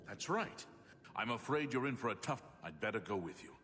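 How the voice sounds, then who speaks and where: A man's voice: mid-range voice, a little fast, close to an everyday voice. A man voicing a solemn fantasy game character. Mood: grave. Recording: game audio with long reverb and steady noise.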